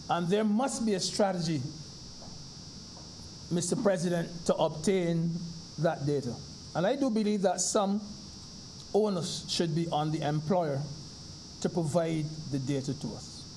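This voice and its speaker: A Barbadian senator speaks formally in the chamber, his high voice soft and mellow. He talks slowly and deliberately, addressing the chair. Faint room noise hangs in the background. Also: poor audio. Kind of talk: parliamentary speech.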